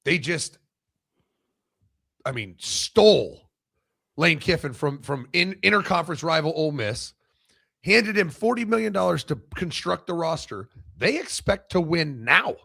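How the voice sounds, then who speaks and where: A man talks sports in a casual podcast chat, blunt and profane. His voice is high for a man, gravelly and husky, and it swings up and down as he argues his points. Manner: blunt, profane and animated, with quick restarts.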